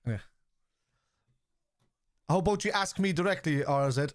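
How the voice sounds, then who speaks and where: A man's voice: fairly high pitch, unhurried, no echo. A middle-aged Irish man who chats casually on a live football watchalong stream, swears, reacts to the match and answers viewers in chat. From Ireland. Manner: chatty, swears, reads out chat and reacts to play.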